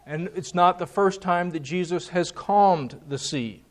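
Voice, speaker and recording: A man's voice: high-pitched, unhurried. A man preaching a sermon, emphatic and repeating key words for stress.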